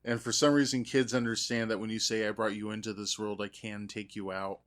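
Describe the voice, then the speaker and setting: A man hosting a podcast in casual chat, easygoing and quick to laugh. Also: lowish voice, level tone, fairly bright tone. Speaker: podcast host.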